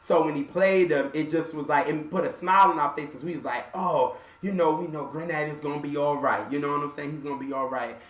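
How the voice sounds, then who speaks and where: A slightly high-voiced man speaks haltingly and softly, with lots of pauses and fillers, as he tells a personal story on his music show. His voice sits a little back from the mic in a roomy, echoing space. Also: far from the mic. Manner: halting, soft-spoken, many fillers. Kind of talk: emotional personal story to camera.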